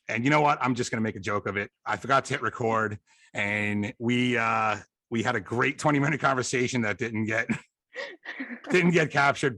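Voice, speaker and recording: A man's voice: medium pitch, bright, forceful tone, no echo. A man from Long Island with a Long Island New York accent, hosting a podcast in casual interview chat, laughing often and poking fun at himself. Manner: laughs often, chatty and self-mocking. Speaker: podcast host.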